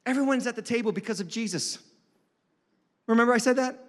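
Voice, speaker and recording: A man preaching a sermon as lead pastor, emphatic and animated, slipping into mocking voices of doubters. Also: very high-pitched, fast, long reverb tail. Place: church sanctuary.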